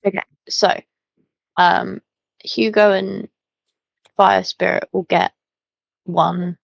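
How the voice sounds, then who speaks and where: A woman plays a tabletop game, talking slowly and hesitantly with lots of ums. Her voice has a gravelly fry. The recording is dry and slightly muffled. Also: medium pitch, little pitch movement, no room sound. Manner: hesitant, many ums and apologies. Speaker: player.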